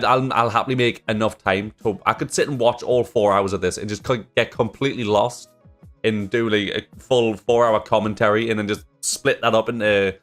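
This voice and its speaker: Rambling man chatting to camera. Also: fairly low pitch. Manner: rambling, apologetic. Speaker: reaction video host. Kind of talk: casual chat to camera.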